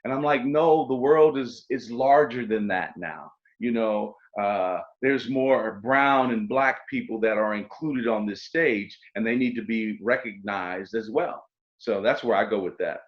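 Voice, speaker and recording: A man's voice: on the low side, measured pace. Candid man host, muffled audio. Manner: reflective, candid. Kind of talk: conversational interview. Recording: dull lo-fi audio.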